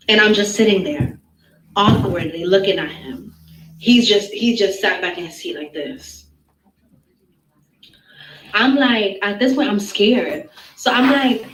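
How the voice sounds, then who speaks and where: A woman's voice: mid-range voice, fairly bright tone. A woman tells her story with breathless drama and blunt, profane frankness. She sounds set back from the mic in an echoey room, with a faint hiss of noise behind her. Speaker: storyteller in a played clip. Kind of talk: animated personal storytelling. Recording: roomy echo, distant mic, faint noise.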